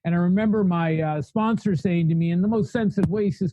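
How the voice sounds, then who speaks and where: A man's voice: high-pitched, fast talker, no echo, highs cut off. A man telling his recovery story in a podcast interview, blunt and fiery, speaking in long spoken lists. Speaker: guest sharing recovery story.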